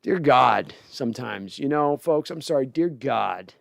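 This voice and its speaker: A man's voice: medium pitch, animated, measured pace, creaky, fairly bright tone, no room sound, studio quality. Exasperated, rambling male sports podcast host. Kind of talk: casual post-game reaction livestream.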